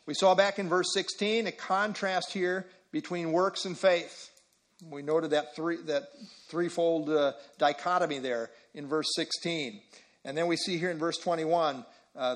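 A man's voice: a little high, fairly even intonation, unhurried. A man preaching an expository sermon, reading scripture aloud and explaining it, repeating key phrases with frequent fillers.

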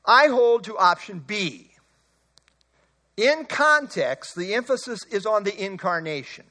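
A man preaching an expository sermon, emphatic, slowing and rising on key words. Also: sits high, expressive, pushed and bright.

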